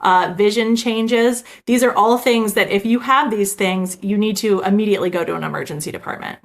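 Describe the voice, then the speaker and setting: A woman's voice: mid-range voice, a little fast. A woman, an emergency physician, chatting in an interview over a video call, talking casually with many fillers and restarts. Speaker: emergency physician and author, guest.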